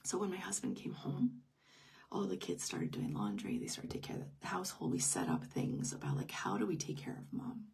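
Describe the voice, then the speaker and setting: A woman's voice: rumbling low, big pitch swings, fairly quick, creaky, darkish tone, breathy edge, far from the mic. A middle-aged woman telling a personal story in an unscripted live stream, intimate and emotional, often dropping to a whisper. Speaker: grief teacher.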